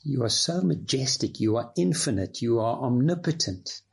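A man preaching a sermon, earnest and reverent, reading a story passage aloud and sometimes dropping to a hushed whisper. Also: medium pitch, animated, moderate pace, gravelly, slightly rough. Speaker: pastor.

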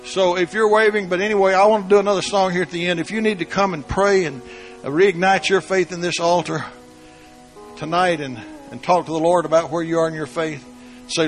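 A man preaching a sermon, moving between soft storytelling and shouted emphasis. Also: sits high, fairly even intonation, a little fast, faint music behind.

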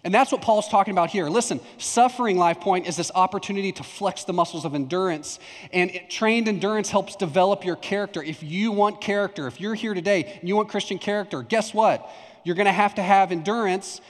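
A young adult pastor from Texas delivers a conversational sermon, sharing a personal story and acting out lines he remembers. His voice sits high and moves fairly quickly, and the recording carries a long hall reverb.

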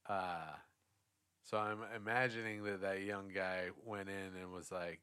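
Low-voiced man telling a rambling story. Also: steady tone, a little slow, bright, forceful tone, clean tone. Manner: rambling, profane, acts out quotes. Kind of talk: casual storytelling chat.

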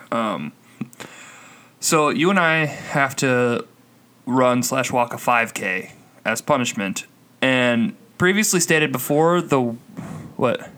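A man co-hosting a podcast in a loose, joking chat. He teases his co-host and laughs often. His voice sits at an ordinary pitch. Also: fairly bright tone. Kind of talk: casual chat.

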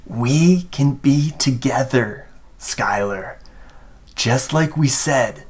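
A man's voice: mid-range voice, drawn-out words, voice pushed up. A man voicing the ghost of a drowned young man who is sorrowful and possessive, speaking in a gurgling way as if full of water. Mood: mournful. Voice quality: gurgling, bubbling with water and phlegm.

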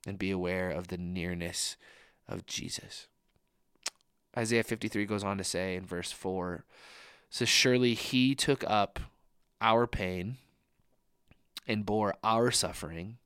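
A man's voice: sits low, fairly bright tone, clean tone, no echo, studio quality. A young man preaching a sermon in an earnest, conversational way, with frequent casual fillers. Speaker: pastor.

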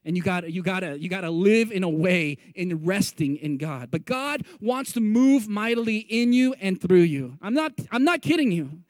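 A man with a notably high voice preaches a sermon in a lively, conversational way. He jokes with his listeners and calls on them to repeat phrases back to him. The sound is dry and close, with little room in it. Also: moderate pace, hardly any pauses, no echo. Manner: joking asides to the audience. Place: meeting room with a live audience.

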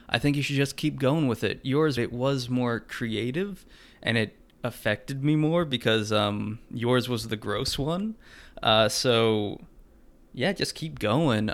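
A man's voice: mid-range voice, a bit bright, smooth. A man hosting a podcast, reading tarot cards for callers in a dry, hesitant way full of filler words. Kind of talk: casual chat.

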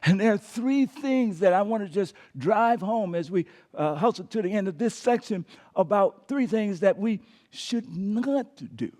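Man, pastor, sermon, high-pitched, emphatic, hushed asides. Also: expressive, a little slow, few pauses. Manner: emphatic, dropping to quiet whispers on key words; has the audience repeat after him.

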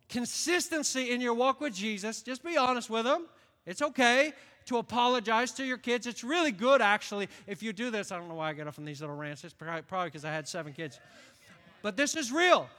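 A man in his late fifties from upstate New York, preaching a sermon in an animated storytelling way. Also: very high-pitched, a little fast. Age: late 50s. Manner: animated storytelling, acts out quoted voices. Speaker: pastor. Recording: long reverb of a large hall.

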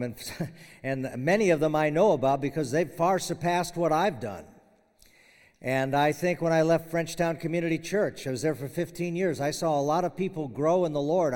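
Older man, slightly high voice, casual halting farewell sermon, big echoey chapel. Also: a little mellow. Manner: conversational, halting with fillers and restarts, chuckles. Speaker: retiring professor giving chapel message. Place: university chapel hall. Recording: long hall reverb.

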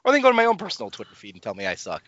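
A man's voice: fairly high pitch, huge pitch swings, very fast, a bit bright. A man hosting a podcast in casual chat, rambling and self-deprecating with many restarts. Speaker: podcast host. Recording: slightly dull lo-fi podcast audio.

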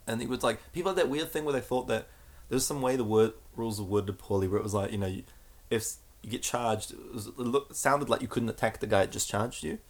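A man, hosting a casual chat, telling animated stories full of swearing and laughter. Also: mid-range voice, fast talker.

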